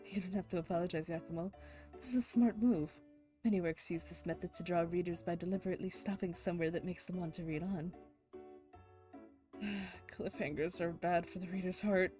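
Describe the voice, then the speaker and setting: A woman streaming a game, reading all the story text and character lines aloud herself and breaking off into loud laughing reactions. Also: lowish voice, steady tone, brisk, soft background music.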